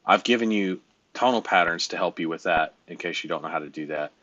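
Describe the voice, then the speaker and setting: A very low-pitched man talking like a sales coach, blunt and emphatic, with lots of restarts. His voice is dry and close. It sounds a little muffled, like call audio. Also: brisk, fairly bright tone, dry recording.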